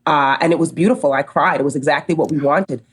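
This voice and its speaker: A woman's voice: low voice, quick pace, breathy edge. A middle-aged American woman, a company co-founder, telling a long story as a podcast guest and acting out the dialogue. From United States. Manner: animated storyteller, acts out quoted dialogue. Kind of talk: storytelling in a casual interview.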